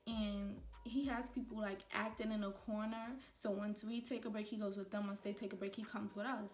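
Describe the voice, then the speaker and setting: A young woman chats through a storytime while doing her makeup, talking straight to her viewers with animated energy. Her voice sits at a middle pitch and carries the echo of a bare room, with faint music underneath. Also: normal speed, far from the mic. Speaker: beauty vlogger.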